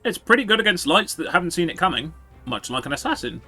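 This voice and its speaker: Male streamer, lively pitch and a bright, forward tone, dry sarcastic game commentary laced with swearing, faint music underneath. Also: fast. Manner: sarcastic, swearing, jokey asides to chat. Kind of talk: casual gameplay commentary.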